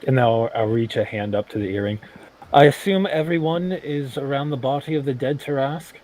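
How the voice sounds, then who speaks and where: A man's voice: mid-range voice, moderate pace, a little mellow, rough recording. A man playing a tabletop game, talking in a matter-of-fact way. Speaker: player. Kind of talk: tabletop play. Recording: faint background noise.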